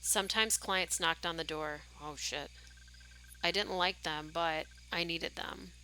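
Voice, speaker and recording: A woman's voice: lowish voice, fairly even intonation, measured pace, pushed and bright, slight background noise. A woman streamer reading a game's story text aloud, with small voice shifts for the dialogue and casual asides. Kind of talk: reading game text aloud with live reactions.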